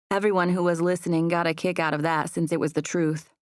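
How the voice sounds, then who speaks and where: A woman reads a first-person audiobook in an even, gentle way. Her voice is on the low side, and the booth sound is dry and close. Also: quick pace, hardly any pauses, no echo. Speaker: audiobook narrator. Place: recording booth.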